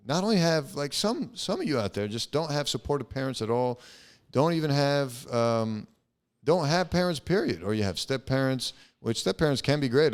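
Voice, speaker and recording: A man's voice: fairly low pitch, smooth. A young man hosting a casual solo podcast, rambling and swearing with lots of fillers. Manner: rambling, profane, frequent fillers. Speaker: podcast host.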